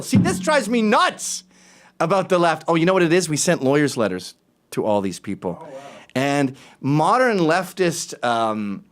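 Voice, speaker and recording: A man hosting a talk show, ranting in an animated, sarcastic way, jumping between loud remarks and muttered asides. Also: fairly high pitch. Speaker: show host. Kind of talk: opinionated talk-show rant.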